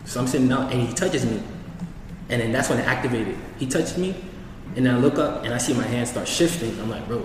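A man's voice: mid-range voice, a little fast, noisy background. A young man telling a story to friends in casual chat, laid-back and full of slang. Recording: echoey room, voice from far off.

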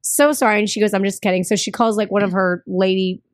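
A woman's voice: mid-range voice, steady tone, fast talker, no room sound, clean studio sound. Chatty young woman telling stories. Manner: chatty storyteller who acts out quoted dialogue. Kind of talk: casual chat.

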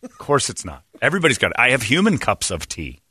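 A man co-hosting a podcast, bantering crudely, joking and mocking loudly with frequent laughter. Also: mid-range voice, wildly swooping pitch, fast, breathy edge, no echo, clean studio sound. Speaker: podcast co-host.

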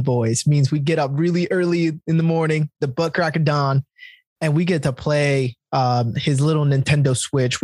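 A man's voice: mid-range voice, a little mellow, breathy edge, no room sound. A man in his thirties hosting a podcast, telling a personal story candidly and with feeling in casual conversation. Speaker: podcast host.

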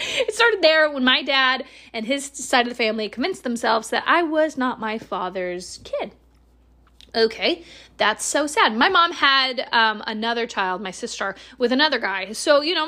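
A woman talks through a personal story in an unscripted podcast monologue, with a voice that sits a little high. She rambles, restarts and swears freely, often laughing between lines. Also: very animated, moderate pace, pushed and bright.

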